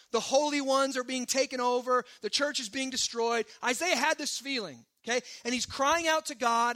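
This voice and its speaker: A man's voice: very high voice, sharp tone. A man preaching a sermon in a conversational, emphatic way, often checking in with the congregation. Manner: emphatic, conversational preaching with frequent "right?" asides. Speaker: pastor.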